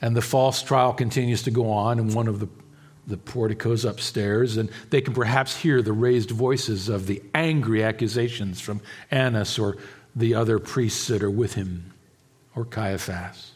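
A pastor delivers an expository sermon, his lowish, breathy voice moving between hushed, quiet stretches and emphatic, raised passages. He restarts haltingly and repeats words.

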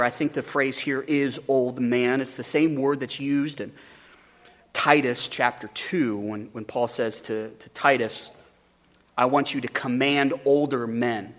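A man's voice: medium pitch, fairly bright tone. A male pastor preaching a sermon in an earnest way, often repeating words as he starts a phrase.

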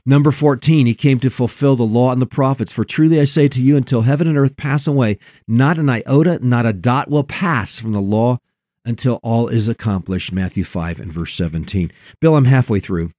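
A man's voice: mid-range voice, moderate pace, warm tone, no echo, clean studio sound. A man hosting a Christian talk show, reading numbered Bible passages aloud in an earnest way. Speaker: radio show host. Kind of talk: Christian radio discussion.

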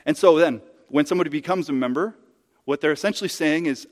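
A man's voice: a little high, fast talker, in a large hall. A man preaching a sermon as pastor in a conversational, emphatic way, using hypothetical examples. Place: church sanctuary.

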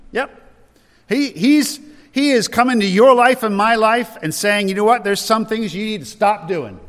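A man's voice: high-pitched, a bit bright. A pastor preaching a conversational sermon to his congregation, stopping to restart his sentences and make asides. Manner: conversational with self-interruptions and asides. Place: church sanctuary. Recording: hall reverb.

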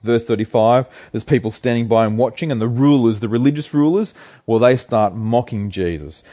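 A man's voice: mid-range voice, moderate pace, mellow. A man preaching an earnest, emphatic sermon, asking his listeners rhetorical questions.

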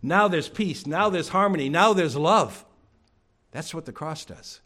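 With a slightly high voice and lively intonation, a man preaches a little slowly to a church congregation. He asks plenty of rhetorical questions and occasionally lowers his voice to a hush.

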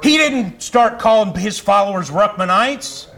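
High-voiced fiery male pastor preaching. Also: lively intonation, a little slow, vocal fry, pushed and bright. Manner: fiery, conversational preaching with asides and laughs. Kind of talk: sermon. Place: church sanctuary.

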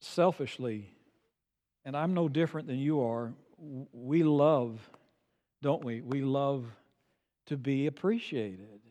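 An older man preaching a sermon as pastor, swinging from soft low asides to loud emphatic peaks. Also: takes it slowly, big-room sound, lo-fi sound. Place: church sanctuary.

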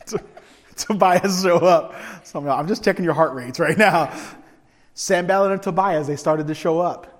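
A man preaching a sermon through personal stories, animated and humorous, swinging from loud bursts to hushed asides. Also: on the high side. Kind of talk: storytelling sermon. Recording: long hall reverb.

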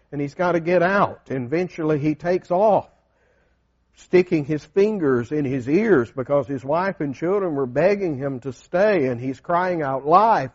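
A man's voice: a little high, a little mellow, lo-fi sound. A man preaching a sermon in a conversational way, often asking the congregation questions.

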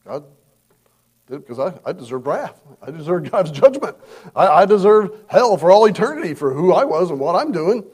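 Lively high-voiced pastor preaching. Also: male voice, a little fast, husky. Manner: conversational, acts out quoted voices. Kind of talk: verse-by-verse sermon. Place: church service.

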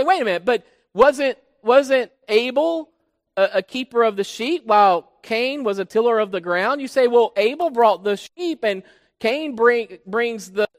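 A male pastor preaches with a high, lively voice that swings widely in pitch as he stresses each point. He sounds emphatic and teacherly and puts questions to his listeners. His words ring out with a long reverb, as in a large church sanctuary. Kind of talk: expository sermon.

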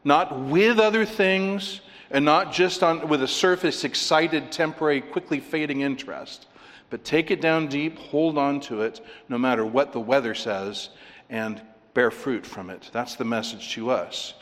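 A man's voice: medium pitch, moderate pace, a bit bright. Preaching man in an echoing hall. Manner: earnest, repeats phrases for emphasis. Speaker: pastor. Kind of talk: sermon. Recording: long reverb of a hall.

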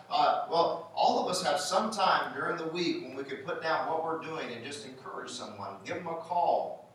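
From a distance in an echoey church sanctuary, a pastor with a fairly high, slightly bright voice preaches at a moderate pace. He's animated, conversational, and encouraging, asking the congregation questions; there's a little hiss or hum.

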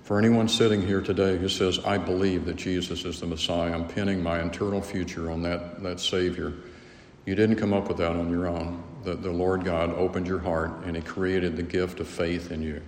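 Male pastor, low voice, earnest sermon delivery, roomy hall reverb with faint noise. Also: flat delivery, normal speed, darkish tone. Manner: earnest, emphatic, repeats words when pressing a point.

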